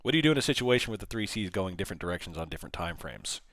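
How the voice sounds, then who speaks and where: Low-voiced guy doing live trade commentary, chatty, reads chat questions, dry close sound. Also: big pitch swings, rapid-fire, fairly bright tone, no echo. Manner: chatty, calls price levels, answers chat questions. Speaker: livestream day-trading host. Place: small studio.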